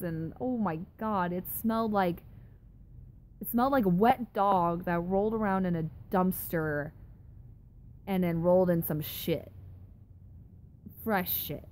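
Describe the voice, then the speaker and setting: A woman's voice: mid-range voice, unhurried, a little hiss or hum. A young woman chatting casually on a live stream, reading comments aloud and reacting with giggly, exaggerated disgust. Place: home in a dry desert city.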